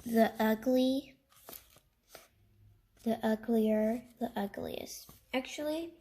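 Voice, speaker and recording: A woman reading a book aloud in a halting way, stumbling, restarting and breaking off to chat. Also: a little high, mellow. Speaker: reader.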